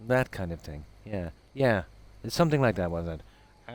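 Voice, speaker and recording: A middle-aged man from Ireland with a Midlands accent, a game streamer chatting casually and ramblingly with his viewers in a relaxed, self-deprecating way. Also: low voice, normal speed, hardly any pauses. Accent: Irish Midlands.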